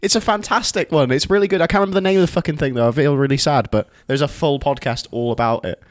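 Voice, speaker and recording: A man's voice: fairly high pitch, fast, no echo, clean studio sound. A man co-hosting a podcast, teasing and mocking the others in casual banter and swearing. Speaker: podcast co-host.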